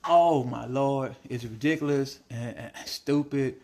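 A man who runs an Italian ice cart, telling stories in an exasperated, animated rant that jumps into sudden high-pitched outbursts. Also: moderate pace, few pauses. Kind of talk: ranting storytime vlog.

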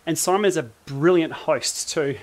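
A man's voice: fairly high pitch, moderate pace. A man with an Australian accent chatting casually on a livestream while riding an indoor trainer, rambling with wry asides. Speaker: cycling YouTuber host.

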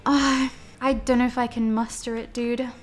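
A woman's voice: a little high, level tone, normal speed, faint music behind. A woman streaming a game late at night, tired and teary, rambling casually with lots of "like" and "dude". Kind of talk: casual live-stream chat.

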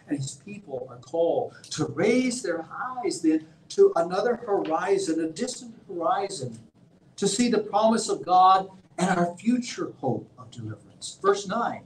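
Emphatic preacher in a roomy church. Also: male voice, sits high, big pitch swings, measured pace, slight background noise. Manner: emphatic preaching with big swings in loudness. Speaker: visiting pastor. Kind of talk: sermon. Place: church sanctuary.

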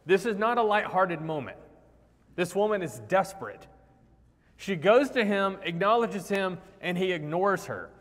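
A man preaching a sermon in a conversational, animated way, acting out the quoted lines. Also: sits high, measured pace. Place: church sanctuary. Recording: long hall reverb.

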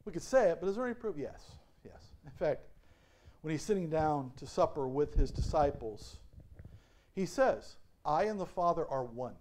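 Man, pastor, high-pitched, lively questioning sermon delivery with frequent laughs. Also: normal speed. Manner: asks the congregation questions and lets them answer. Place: church sanctuary.

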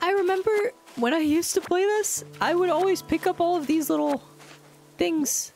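A woman's voice: normal speed, darkish tone, soft background music. A woman putting on a cutesy baby voice while chatting through a video game stream, teasing herself about how silly it sounds. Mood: babyish, playful. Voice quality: high babyish voice with a gravelly edge. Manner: self-mocking, giggly. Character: cutesy baby-talking little girl. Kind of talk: livestream gameplay chatter.

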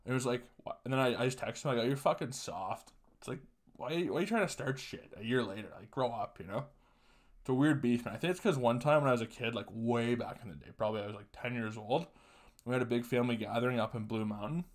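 A man's voice: mid-range voice, fast talker. Profane laid-back young man telling stories. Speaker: podcast host. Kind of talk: casual solo storytelling.

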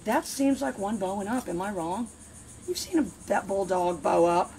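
A woman's animated, mellow, medium-pitched voice moves at normal speed as she trains her dog in a casual demo. She's chatty and playful with sing-song repeats, and the outdoor recording is noisy.

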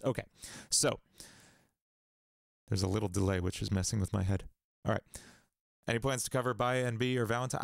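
A man hosting a casual music production livestream from a home studio, thinking aloud in a relaxed, rambling way. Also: lowish voice, gravelly, no room sound.

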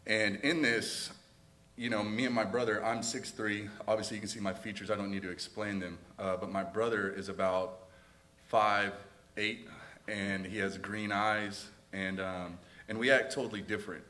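A young man from Texas, a student, sharing a personal testimony in a church, hesitant and halting with many fillers. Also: fairly low pitch, fairly even intonation, bright, forceful tone.

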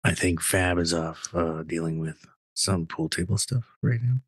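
A man co-hosting a podcast in casual banter, joking in a playfully hushed voice. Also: low-pitched, a little slow, no echo. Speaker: podcast co-host.

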